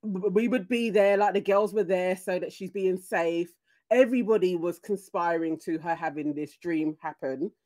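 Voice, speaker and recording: A woman's voice: fairly low pitch, moderate pace, darkish tone, dry recording. A woman co-hosting a podcast, giving emphatic, encouraging advice in casual chat. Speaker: podcast co-host.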